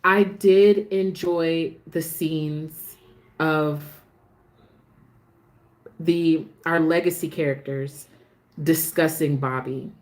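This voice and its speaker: A woman with a low voice talks through the week's soap episodes in a loose, chatty way. She often restarts her sentences and admits the scenes move her. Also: steady tone, very slow, long pauses, darkish tone. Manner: chatty, restarts sentences, gets emotional about the show. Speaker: soap opera recap host. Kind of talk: casual chat.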